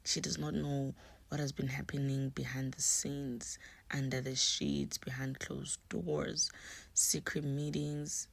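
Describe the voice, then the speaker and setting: A young woman telling a personal story in a hushed, often half-whispered voice, slipping Nguni words into her English. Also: rumbling low, flat delivery, slow, vocal fry, no room sound. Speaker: storyteller vlogger.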